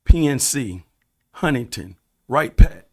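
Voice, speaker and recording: A man's voice: mid-range voice, expressive, takes it slowly, creaky. A man as a podcast guest, telling his story in an earnest, preachy way and repeating phrases for emphasis. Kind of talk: casual storytelling interview.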